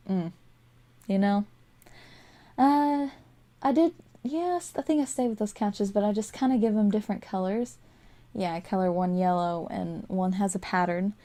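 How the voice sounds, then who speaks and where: Sleepy and yawning, a young woman with a mellow, medium-pitched voice narrates her game build in casual voice-over. She rambles, full of fillers and little laughs, recorded on a desk microphone.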